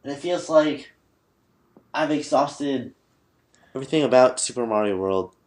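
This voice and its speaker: A tipsy man hosting a casual podcast, talking haltingly with many pauses and fillers. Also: mid-range voice, lively intonation, darkish tone. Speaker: podcast host.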